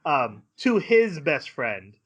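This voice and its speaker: A man's voice: on the high side, very animated, takes it slowly, fairly bright tone, slightly rough. A man co-hosting a podcast, recapping episodes in casual chat and acting out characters' lines as he goes. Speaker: podcast co-host.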